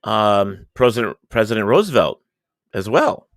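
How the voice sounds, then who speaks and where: A man hosts a casual talk radio stream, reading out chat questions and steering the guests. His pitch moves a lot within each sentence. The sound is dry and close. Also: big pitch swings, moderate pace, dry recording. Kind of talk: casual live-stream hosting.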